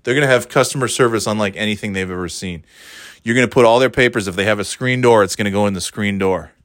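A man's voice: on the low side, quick pace, fairly bright tone, dry recording, studio quality. A man telling a casual, rambling story about his past, often interrupting himself and laughing.

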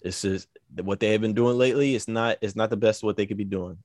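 A man's voice: lowish voice, fairly even intonation, fast talker, darkish tone, dry recording, studio quality. A man co-hosting a podcast in laid-back, slangy, rambling casual chat. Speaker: podcast co-host.

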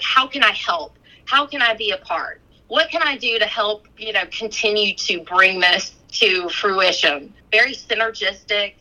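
Fitness coach, woman, 30s, very bright voice, gushing and heartfelt, podcast chat. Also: mid-range voice, rough recording. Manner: heartfelt, gushing, with frequent "like" and laughter. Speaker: fitness coach and gym owner. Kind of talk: emotional podcast conversation.

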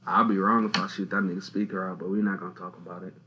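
A young man hosting a casual podcast, telling stories in an animated, slangy way. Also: deep voice, fast talker, slight background noise, poor audio. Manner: animated, slangy storytelling with loud laughing outbursts. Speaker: podcast host.

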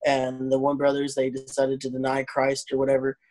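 A medium-pitched, slightly fast voice belongs to this comedian from Arkansas, who speaks with a Southern accent. In casual chat he tells lively stories and acts out each quoted person.

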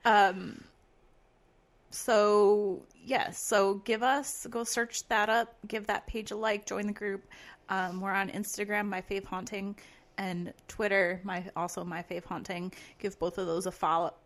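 A woman's voice: mid-range voice, little pitch movement, takes it slowly. A woman co-hosting a casual podcast, rambling with many fillers and frequent laughs. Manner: rambling, giggly, lots of fillers. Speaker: podcast co-host.

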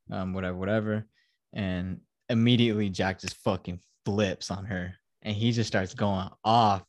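A man's voice: lowish voice, a little fast, dry recording, clean studio sound. A man hosting a podcast who casually recaps a film in a rambling, profane way full of fillers. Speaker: podcast host.

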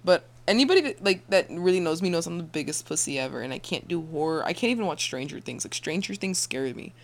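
Young woman podcast co-host, swooping lively pitch, playful and self-mocking. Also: fast talker. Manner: playful, joking, self-deprecating. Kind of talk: casual chat.

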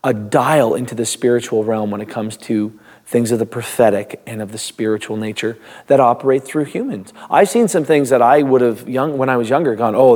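Male pastor, mid-pitch, conversational devotional teaching, loose and unscripted. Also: darkish tone, slightly rough. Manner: reads scripture, then talks loosely with restarts and small laughs.

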